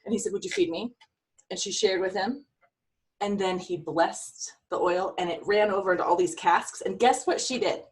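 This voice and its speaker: A woman's voice: medium pitch, normal speed, recorded from a distance. A middle-aged woman life coach giving an earnest, emotional, faith-filled pep talk to a team over a video call.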